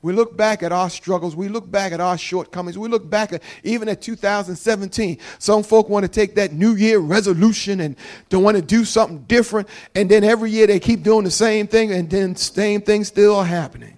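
A middle-aged man with a New Jersey accent preaching a sermon in church, talking fast and calling on the congregation to respond. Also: high voice, a little mellow, poor audio. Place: church sanctuary.

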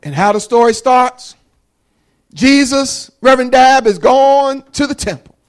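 A high-pitched man with a New Jersey accent delivers a Sunday sermon in a church. He talks quickly, swings between a soft low delivery and loud emphatic bursts, and draws the congregation into call and response. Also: animated, clean tone, low-quality recording. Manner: fast-talking, call-and-response preaching. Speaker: preacher. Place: church sanctuary.

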